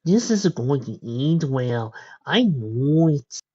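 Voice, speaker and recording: A woman voicing a weary, sarcastic male pony advisor who talks low, dry and resigned. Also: big pitch swings, slow pace, mellow, breathy edge, exaggerated voice. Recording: dull lo-fi recording.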